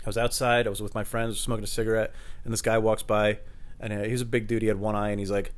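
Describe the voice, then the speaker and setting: A man's voice: lowish voice, flat delivery, fast talker. A man rambling alone for his podcast at home in the kitchen, casual, profane and self-deprecating. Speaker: podcast host. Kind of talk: solo rambling monologue.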